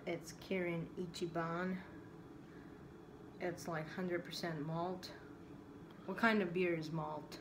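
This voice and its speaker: Low-voiced woman chatting casually. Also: steady tone, slow pace, long pauses, background noise. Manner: hesitant, laughs often. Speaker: vlog co-host. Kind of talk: casual chat.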